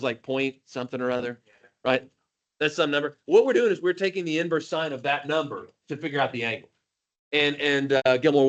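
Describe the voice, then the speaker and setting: A man teaching math to a class, animated and jokey, calling on students by name. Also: mid-range voice. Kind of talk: classroom lecture.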